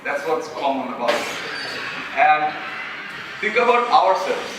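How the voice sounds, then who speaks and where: A young man from Bangladesh with a Bangladeshi English accent and a fairly high, very animated voice speaks at a measured pace. As a student speaker, he gives an earnest, self-deprecating motivational talk and asks the audience questions. The recording is noisy, from far off in an echoey hall.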